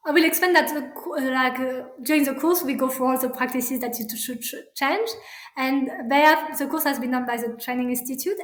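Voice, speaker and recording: Speaking with a French accent in a bright, high register, a woman appearing as a guest parental burnout practitioner responds hesitantly to an interviewer's questions. She often restarts and fills gaps with ums, and the room around her is audibly echoey.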